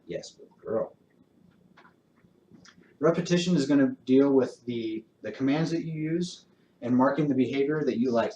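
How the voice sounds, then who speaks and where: A man of middle pitch gives a dog-training lesson, explaining each step in a calm, encouraging way. His voice bounces around an indoor room with a noticeable echo, over a faint hiss. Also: a little fast, recorded from a distance, highs cut off. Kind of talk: instructional talk with live demonstration. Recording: roomy echo.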